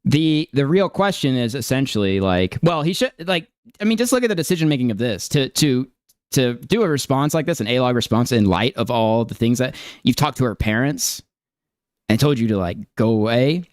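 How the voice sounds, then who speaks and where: Smooth-voiced man doing stream commentary. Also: mid-range voice, lively intonation, fairly quick, no room sound, clean studio sound. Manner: incredulous, hedging, many fillers. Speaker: stream host reacting to clips. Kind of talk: casual reaction commentary.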